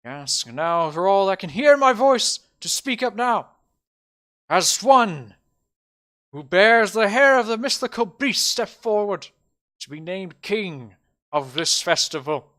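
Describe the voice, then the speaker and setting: A man's voice: lively intonation, slow, fairly bright tone, heavily acted. A man voicing a pompous male town mayor who makes grand, formal speeches. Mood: grandiose. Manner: booming, formal, stumbling over grand words.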